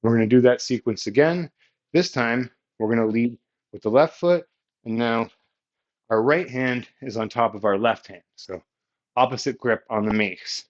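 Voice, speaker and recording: A man leading a yoga workout with calm, encouraging step-by-step cues. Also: mid-range voice, moderate pace. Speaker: yoga instructor. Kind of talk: guided workout instruction. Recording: slightly muffled, lo-fi audio.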